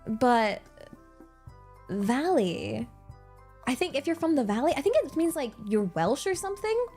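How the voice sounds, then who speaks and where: A young woman from England with an English accent, chatting casually on a livestream in a bubbly, excitable and giggly way. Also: high-pitched, unhurried, faint music behind. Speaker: streamer.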